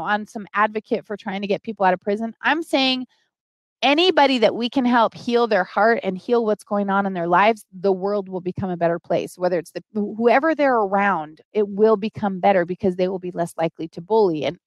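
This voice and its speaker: A woman's voice: medium pitch, normal speed, no echo. A middle-aged woman hosting a live stream, earnestly pleading with viewers for help and greeting them by name as she talks.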